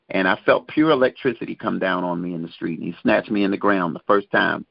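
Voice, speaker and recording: A middle-aged man, a guest minister, slowly telling his personal religious testimony with many pauses. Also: sits low, gravelly, dry recording. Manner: slow, measured storytelling with many pauses. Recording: dull, muffled lo-fi sound.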